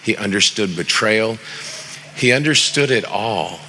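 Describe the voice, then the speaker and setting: Bright-voiced middle-aged male pastor preaching. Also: lowish voice, unhurried, vocal fry, a little hiss or hum. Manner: animated storytelling with acted quotes; reads scripture aloud with rising emphasis. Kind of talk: sermon. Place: church.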